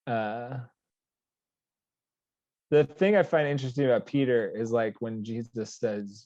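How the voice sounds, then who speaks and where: A man's voice: mid-range voice, slow pace, pauses often, dry recording. Male podcast host; wry, easygoing chat, recorded dry and a bit lo-fi. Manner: relaxed, wry, laughs while reading quotes. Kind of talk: casual chat. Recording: dull dry lo-fi sound.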